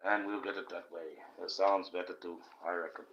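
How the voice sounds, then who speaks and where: A man's voice: low voice, fairly even intonation, a little fast, lo-fi sound, a little hiss or hum. An older man, hosting a casual livestream in a rambling, jokey way and chuckling to himself. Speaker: livestream host.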